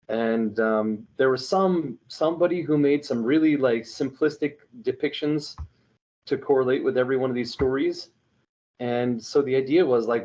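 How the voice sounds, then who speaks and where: Casual storyteller, male, from New Mexico: earnest, animated, rambling through his stories on a somewhat muffled recording. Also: mid-range voice, moderate pace. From New Mexico, United States. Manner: earnest and animated, with winding anecdotes and frequent restarts. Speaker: storyteller for an online religious media group.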